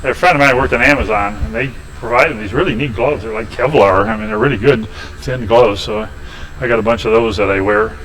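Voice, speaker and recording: A man's voice: medium pitch, very animated, a little fast, creaky, fairly bright tone, low-quality recording. A man in a woodshop, demonstrating woodturning and telling rambling, folksy anecdotes with chuckles. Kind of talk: casual storytelling during a lathe demo. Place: woodshop, indoors.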